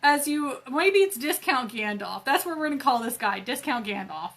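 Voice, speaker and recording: A woman reads a choose-your-own-adventure book aloud for a library storytime. Her voice is high and bright. She often breaks off for playful, self-mocking jokes. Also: expressive, normal speed. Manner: playful asides, laughs at herself.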